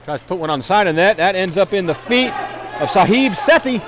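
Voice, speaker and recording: A man calling play-by-play for a ball hockey game, rambling into self-deprecating asides between plays and shouting on goals. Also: high voice, brisk, a crowd in the background. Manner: excited calls on goals. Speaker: play-by-play commentator.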